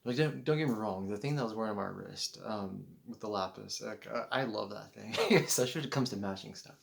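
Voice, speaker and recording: A man's voice: lowish voice, fairly quick, creaky. A man telling a personal story to camera in a rambling, casual way, full of fillers and restarts. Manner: acts out quoted voices. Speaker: vlogger.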